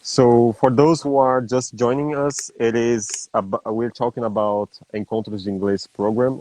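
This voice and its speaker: A man from Brazil hosting a casual interview in English over a video call, chatty and excitable. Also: fairly low pitch, no room sound, low-quality recording. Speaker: host.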